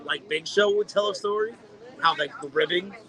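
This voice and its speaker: Bright, high-voiced man telling stories. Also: moderate pace, low-quality recording. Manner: animated storyteller, heavy swearing. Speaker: podcast co-host. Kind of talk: casual chat.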